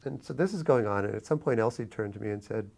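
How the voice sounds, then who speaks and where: Man from New York City, slightly low voice, interviewee telling an anecdote, reflective, animated, lots of fillers. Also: fast talker, vocal fry. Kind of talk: oral history storytelling.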